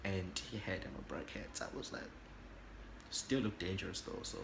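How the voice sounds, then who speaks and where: Animated South African man telling a story. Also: low-pitched, normal speed, vocal fry, noisy background. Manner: animated and dramatic, switches languages. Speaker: YouTuber. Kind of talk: storytime vlog.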